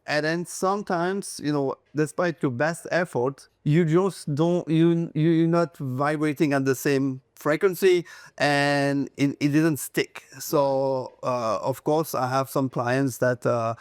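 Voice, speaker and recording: A man in his thirties with a French accent, a real estate agent chatting as an interview guest, hesitant with many fillers and quick to joke about himself. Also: fairly high pitch, fairly even intonation, smooth, no echo, clean studio sound. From France. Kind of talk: casual interview chat.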